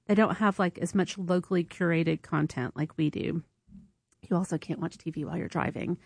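Woman public radio host, chatty, upbeat, lower voice, dry close studio sound. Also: fairly even intonation, fairly quick, creaky, darkish tone, slightly rough, no room sound. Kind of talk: on-air fundraising chat. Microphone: studio microphone.

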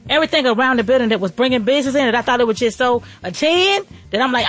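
A woman in middle age hosts a faith-driven motivational show, talking at a rapid clip. She is excited and preachy and keeps circling back to the same phrases. Soft music plays faintly underneath. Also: fairly high pitch. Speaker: podcast host and restaurant owner.

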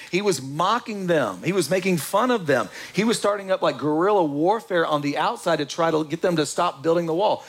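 A man preaching a sermon in a conversational, joking way, with asides to his congregation. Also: high voice. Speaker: pastor.

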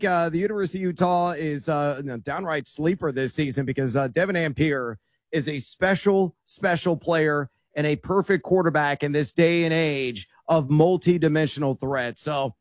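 A man with a slightly high voice breaks down college football picks with upbeat emphasis, peppering his talk with "uh." The sound is dry and close. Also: dry recording. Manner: frequent "uh" fillers, upbeat and emphatic. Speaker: sports analyst co-host. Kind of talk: sports betting analysis.

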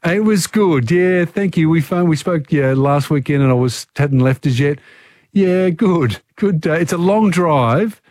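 A man chats casually on air, and his sentences ramble and restart around frequent fillers. His voice is fairly high and sounds dry and close. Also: lively intonation, darkish tone, no echo. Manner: rambling, halting, with many fillers. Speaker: radio caller back from a road trip. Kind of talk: casual phone chat.

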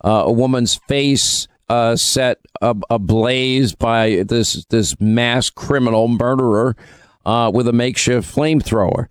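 Smooth-voiced male talk radio host. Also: medium pitch, measured pace, no echo. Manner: emphatic, opinionated delivery.

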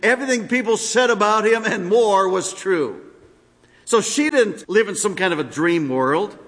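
Male pastor, high and animated delivery, preaching, hall reverb. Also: moderate pace. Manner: animated preaching with sudden drops to quiet asides. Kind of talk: sermon.

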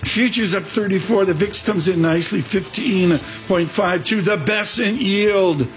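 A man hosting a morning radio show, teasing his guest and rambling through quick jokes. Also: sits high, soft background music. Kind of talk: joking morning radio banter.

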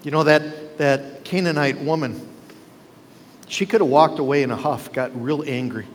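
A man's voice: on the high side, moderate pace, a little hiss or hum. A male pastor preaching a sermon, driving his points home with rhetorical questions to the congregation. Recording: long reverb with faint ambience.

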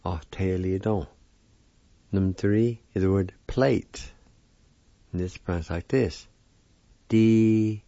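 Deep, slow man teaching vocabulary. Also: creaky, warm tone, no room sound, dull audio. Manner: spells words letter by letter and repeats each pronunciation slowly. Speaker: language teacher on a radio program. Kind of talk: spelling out and pronouncing vocabulary.

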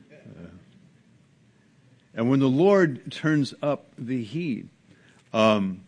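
A man preaching an earnest sermon as a pastor, with sudden rises and drops in pitch and loudness. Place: church sanctuary.

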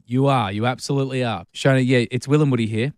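A man co-hosting drive-time radio, playful and chatty with quick stammers. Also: mid-range voice, steady tone, dry recording, studio quality. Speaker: radio co-host.

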